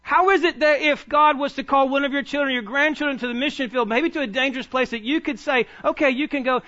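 A man's voice: extremely high pitch, quick pace, few pauses, bright, forceful tone, highs cut off. A man preaching a sermon as pastor, emphatic and urging his congregation to listen closely. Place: church sanctuary.

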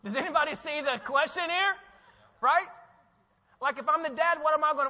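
A man preaching a sermon as pastor, animated and asking his listeners questions. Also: very high voice, fairly quick. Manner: animated, asks the audience questions. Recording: dull, with long hall reverb.

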